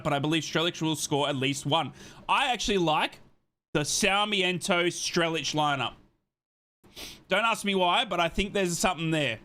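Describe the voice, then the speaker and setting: A man with a bright, sharp and slightly high voice hosts a live football watchalong stream. He reads the team lineups and greets chat viewers one by one. His delivery stays upbeat and chatty.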